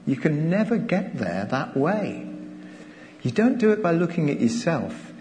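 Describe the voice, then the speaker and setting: A man's voice: fairly high pitch, big pitch swings, moderate pace, darkish tone, slight background noise. A man preaching a sermon, earnest and exhorting, asking his listeners rhetorical questions. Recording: long hall reverb.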